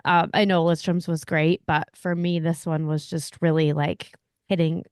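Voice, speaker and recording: A woman co-hosting a casual hockey podcast, relaxed and chatty as she shares easygoing opinions. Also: deep voice, normal speed, clean tone, no echo, clean studio sound. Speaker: co-host.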